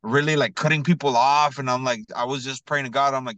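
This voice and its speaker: A man's voice: medium pitch, fairly quick, hardly any pauses, no echo, rough recording. A man telling a personal story in casual, slangy podcast talk, peppered with "bro" and "you know what I mean", earnest and emphatic. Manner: earnest, builds to excited emphasis.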